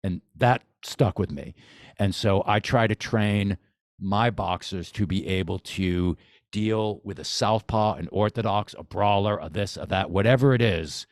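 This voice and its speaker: A man with a low, deep voice talks shop as a boxing coach on a podcast. He is eager and repeats himself, circling back and restarting sentences. The sound is close and dry, with no room around it. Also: measured pace, dry recording. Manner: enthusiastic, repeats phrases, many restarts. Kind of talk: casual podcast conversation.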